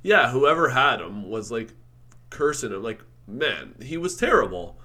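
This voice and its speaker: A man chatting casually about sports with a co-host. His pitch jumps around a lot as he talks, and he keeps the tone playful and teasing, breaking into laughter now and then. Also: measured pace. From Canada. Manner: animated, joking, teasing, laughs often. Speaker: podcast co-host.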